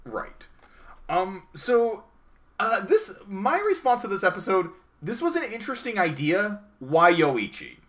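A man's voice: high-pitched, big pitch swings, unhurried, fairly bright tone. A man co-hosting a casual review podcast, talking in a rambling, hesitant way with many fillers. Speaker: podcast co-host. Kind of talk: casual anime review chat.

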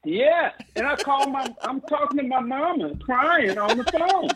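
A man in his forties, a podcast guest telling a hunting story over the phone, excited and stumbling over restarts. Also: measured pace. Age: 40s. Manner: excited, stammering restarts, voice climbing high when emotional. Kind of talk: casual storytelling. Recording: tinny phone line.

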